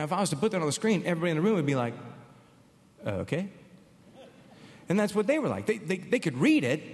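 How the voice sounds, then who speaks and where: Animated man preaching in a reverberant hall. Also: on the high side. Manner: animated, emphatic preaching with storytelling asides. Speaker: pastor. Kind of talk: sermon.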